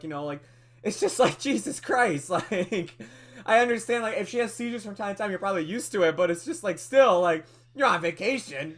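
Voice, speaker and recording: A man co-hosting a movie podcast, talking through a film review in a casual, animated way with lots of fillers and laughs. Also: high voice. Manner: animated, chatty, many fillers, laughs often.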